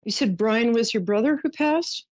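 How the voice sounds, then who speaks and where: Her voice sits on the high side with a darkish tone as she hosts a psychic call-in show at normal speed. She offers readings soothingly, full of endearments, in a dull, dry lo-fi recording.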